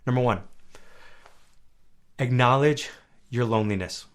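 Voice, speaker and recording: A young man hosting a faith podcast, talking earnestly and conversationally, dropping soft and low at times and then rising loud and high when stirred. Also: unhurried, clear, resonant tone. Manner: earnest, conversational, often asks "right?". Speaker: podcast host. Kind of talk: faith-based personal podcast talk.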